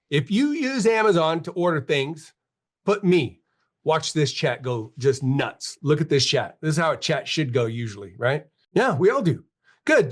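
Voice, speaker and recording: This is a man in his fifties with a notably high-pitched voice, hosting a live webinar. He talks in an emphatic, repetitive way, hammering home his points like a coach pushing a team. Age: 50s. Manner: emphatic, repetitive motivational urging. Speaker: marketing webinar host. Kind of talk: live webinar pep talk.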